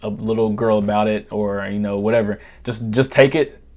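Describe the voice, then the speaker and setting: Profane low-voiced man telling war stories. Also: fairly even intonation, normal speed, darkish tone. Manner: profane, rambling, laughs while telling. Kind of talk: casual storytime vlog.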